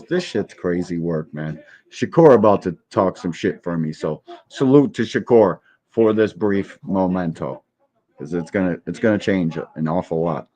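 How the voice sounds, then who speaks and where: A man's voice: lowish voice, normal speed. A man hosting a live boxing stream, cursing freely and mocking what he watches as he reacts to a clip. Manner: profane, mocking, animated. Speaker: boxing podcast host.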